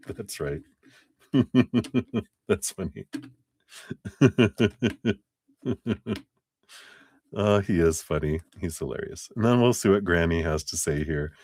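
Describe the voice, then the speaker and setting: A man's voice: low-pitched, animated, slow pace, long pauses, a little mellow, breathy edge, no echo. A man giving a chatty live tarot reading, laughing often as he talks. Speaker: tarot reader.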